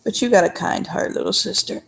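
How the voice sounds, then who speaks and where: A woman's voice: medium pitch, brisk, creaky. A woman playing her character in a tabletop role-play game, telling a long, folksy, rambling story in character.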